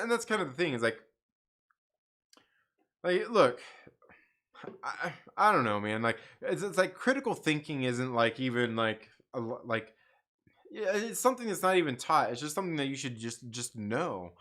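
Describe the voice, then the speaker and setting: A man's voice: mid-range voice, pushed and bright. A man hosting a live stream, ranting casually and rambling with lots of fillers, frequent laughs and swearing. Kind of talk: casual opinion rant.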